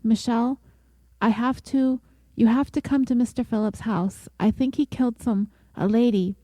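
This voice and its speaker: A frightened male driver pleads for help in halting, broken-off phrases, read out by a woman narrator. Her voice stays mellow and a little high. The sound is close and dry. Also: fairly even intonation, no room sound, natural voice. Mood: pleading.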